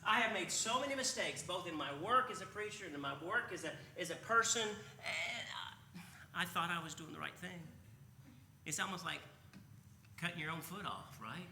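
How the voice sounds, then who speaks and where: A man's voice: high voice, animated, moderate pace, bright, forceful tone, reverberant, slight background noise. A man preaching a sermon in a conversational way, often asking his listeners rhetorical questions. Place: church sanctuary.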